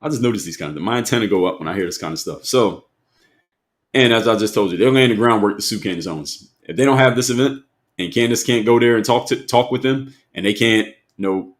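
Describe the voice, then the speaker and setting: Speaking at a fairly low pitch, a male live streamer talks right to his chat with emphasis, hammering his points home more than once and asking the audience questions.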